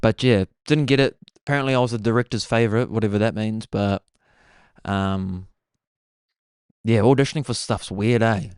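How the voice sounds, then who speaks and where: A young man with a New Zealand accent, hosting a podcast and telling stories in an excitable, casual way. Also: fairly low pitch, normal speed, clear, resonant tone, no echo, studio quality. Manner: excitable, says "bro" constantly. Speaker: podcast host. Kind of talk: casual storytelling chat.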